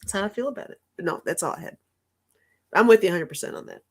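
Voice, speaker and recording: A woman co-hosting a casual livestream chat and reading cards, chatty and quick to laugh. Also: medium pitch, lively intonation, breathy edge. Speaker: co-host and card reader.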